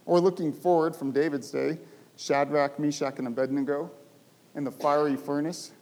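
A man's voice: a little high, level tone, fairly quick, a little mellow. A man preaching a sermon, telling a story with emphasis and asking his listeners rhetorical questions.

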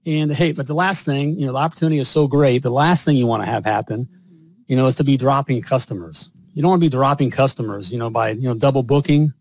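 A man's voice: mid-range voice, fast talker, darkish tone, poor audio. A man hosting a podcast with boastful, hyped energy and lots of fillers. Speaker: podcast host.

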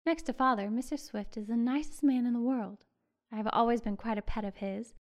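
A woman reading the lines of an eager, excited young schoolgirl in a storybook. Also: on the high side, a little fast, close to an everyday voice. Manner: gushing, eager.

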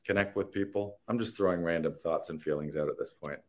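A man's voice: low-pitched, quick pace. A man, an actor, talking in a rambling, earnest and playful way in a casual interview, laughing and swearing now and then. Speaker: actor guest.

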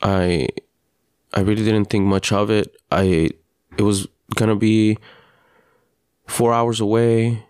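A father hosting a podcast, telling his story in an earnest, halting personal monologue with frequent restarts. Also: on the low side, little pitch movement, a little mellow, clear, resonant tone, no echo, studio quality. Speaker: podcast host.

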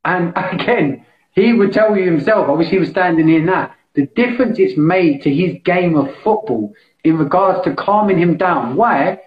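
A British man hosting a live meditation session, talking casually and enthusiastically as he pitches a membership, with frequent restarts. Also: lively intonation, normal speed. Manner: enthusiastic, salesy, restarts often. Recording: echoey, dull lo-fi sound.

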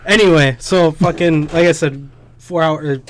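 A man on a podcast telling a profane, animated story in casual chat. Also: on the high side, a little slow. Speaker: podcast co-host.

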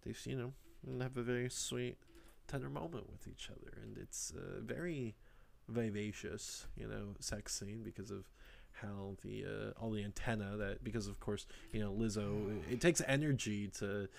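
A man's voice: fairly low pitch, normal speed, vocal fry. A man casually telling a made-up film plot for laughs, rambling with lots of fillers and acting out the characters' lines. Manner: rambling, many fillers, acts out quoted lines.

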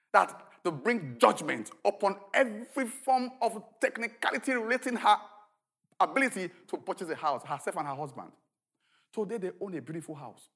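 A man preaching a sermon as pastor, shouting at the peaks and telling stories with a lively, swooping delivery. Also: sits high, vocal fry, husky.

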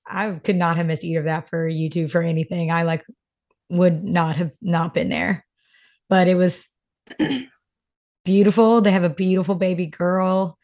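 A woman's voice: on the low side, fairly even intonation, a little slow, pauses often, darkish tone. A young woman from North Carolina, co-hosting a podcast in casual, emotional chat, full of "like" fillers. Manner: chatty, emotional storyteller, many "like" fillers. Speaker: podcast co-host.

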